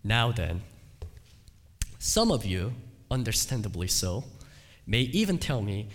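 A male pastor preaching a sermon, emphatic, repeating his phrases and swinging between loud cries and quiet asides. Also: lowish voice, big pitch swings, takes it slowly, long pauses. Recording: long hall reverb.

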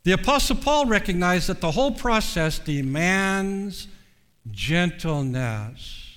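Preacher, male, earnest and measured, fairly high-pitched, long hall reverb. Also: fairly bright tone, clean tone. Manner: measured and earnest, with slow stressed pauses. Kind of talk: sermon.

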